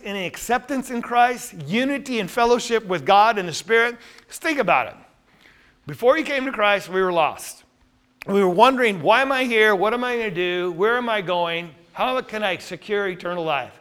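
A man's voice: sits high, a bit bright. A man teaching a Bible study class, reading scripture aloud and asking the group questions.

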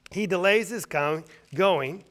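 A man preaching a sermon, emphatic and full of rhetorical questions, swinging between loud stressed lines and quiet asides. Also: high-pitched, slow pace.

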